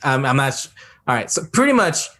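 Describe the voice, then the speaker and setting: Male player, hesitant and halting, very animated intonation. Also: mid-range voice. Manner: hesitant, halting with many restarts. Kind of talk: playing a tabletop game.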